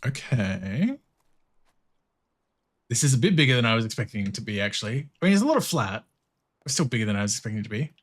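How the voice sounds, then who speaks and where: A man's voice: mid-range voice, big pitch swings, fast talker, long pauses. A man streaming a video game, chatting casually, swearing often, laughing and greeting viewers in chat. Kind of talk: casual commentary while playing.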